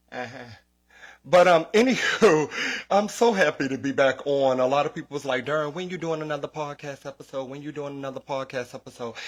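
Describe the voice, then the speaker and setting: Animated, profane podcast host, man. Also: mid-range voice. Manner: profane, animated storytelling with quoted voices. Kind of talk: casual comedic podcast rant.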